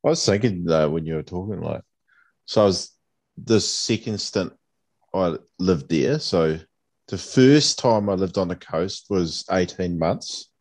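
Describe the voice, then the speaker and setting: Deep-voiced relaxed New man. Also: unhurried. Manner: relaxed, rambling recollection. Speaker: podcast co-host. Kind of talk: casual chat.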